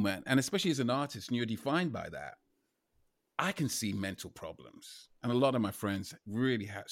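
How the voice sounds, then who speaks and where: A man hosting a podcast, asking slow, thoughtful questions in casual conversation. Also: medium pitch, dry recording, studio quality. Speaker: podcast host.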